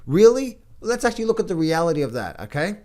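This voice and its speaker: A man's voice: on the high side, sing-song, racing. A man giving casual market commentary as a trading educator, blunt and rambling, with many repeated words.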